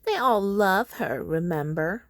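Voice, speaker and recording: A woman reading aloud, voicing a catty, shrill teenage girl who sneers mockingly. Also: lively intonation, measured pace, a bit bright, no echo, clean studio sound.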